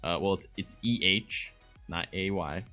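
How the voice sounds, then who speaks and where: Canadian streamer, young man, deep voice, laid-back and foul-mouthed, trailing fillers. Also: measured pace, bright, forceful tone, soft background music. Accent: Northern Ontario Canadian. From Southern Ontario, Canada. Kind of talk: casual stream chat.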